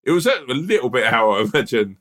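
A man co-hosting a casual chat, telling rambling, animated stories full of restarts. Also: mid-range voice, quick pace. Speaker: podcast co-host.

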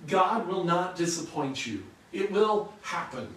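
A man's voice: sits high, lively intonation, a little slow, fairly bright tone, very echoey, distant mic, slight background noise, low-quality recording. A man preaching a sermon, teaching earnestly and asking rhetorical questions. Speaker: pastor.

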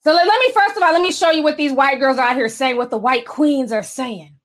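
A young woman with a high, bright-pitched voice hosts casual commentary. She is sassy and animated and laughs often while she reads posts aloud. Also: a little fast. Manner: sassy and animated, laughs often, puts on a valley girl voice for quotes. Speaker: commentary host.

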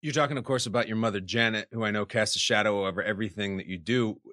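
A man's voice: fairly low pitch, quick pace, sharp tone. A man hosting an interview with quiz questions, playful and teasing. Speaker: host.

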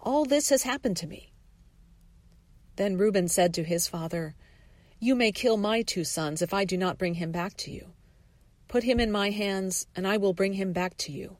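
A woman reads scripture in a mid-pitched voice, shifting her tone slightly for the quoted speakers. The recording is dry and close, with no echo. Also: normal speed. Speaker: lay reader. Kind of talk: scripture reading.

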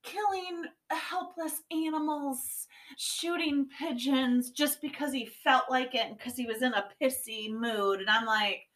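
Female co-host, unhurried, wry, a bit high-pitched. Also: fairly bright tone. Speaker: book podcast co-host. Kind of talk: casual book chat.

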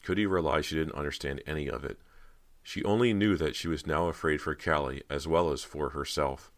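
A man reading a horror audiobook in steady, dramatic scripted narration. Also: a bass voice, a little fast.

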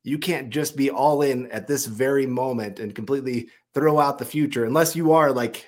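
A man co-hosting a sports talk show at a podcast microphone, with a middle-range male pitch. He talks things through in long, conversational stretches, laying out his reasoning point by point. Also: normal speed, few pauses. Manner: conversational, explains reasoning at length. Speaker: podcast co-host. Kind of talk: casual sports analysis.

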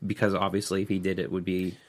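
A man on a comedy news talk show panel, relaxed and agreeable, chiming in with easy asides. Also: sits low, quick pace. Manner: relaxed, agreeable, many mm-hmms.

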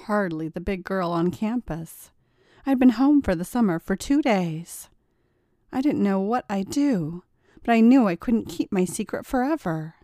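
A woman narrating a first-person story in a quiet, confiding way. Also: medium pitch, expressive, moderate pace, no room sound, clean studio sound.

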